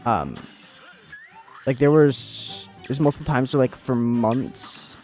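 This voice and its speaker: A man's voice: mid-range voice, expressive, slow pace, darkish tone, faint music behind. A young American man streaming a game, chatting casually and rambling with lots of fillers and restarts. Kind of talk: casual chat while gaming.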